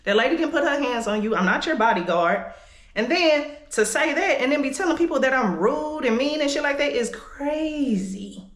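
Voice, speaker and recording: A woman's voice: sits high, expressive, moderate pace. A woman, telling a candid, profane story to her camera while she does her makeup. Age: late 20s. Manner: candid, profane, heated venting. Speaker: vlogger. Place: indoors at home. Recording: echoey room.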